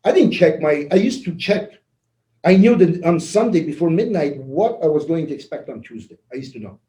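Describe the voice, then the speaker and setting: A man giving a casual motivational talk, animated and laughing as he acts out conversations. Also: a little high, a little fast, echoey room, rough recording. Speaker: network marketing leader.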